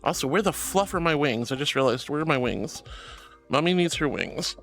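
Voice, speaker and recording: A woman's voice: deep voice, lively intonation, moderate pace, soft background music. Bubbly, giggly young woman streamer. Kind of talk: casual live-stream chat.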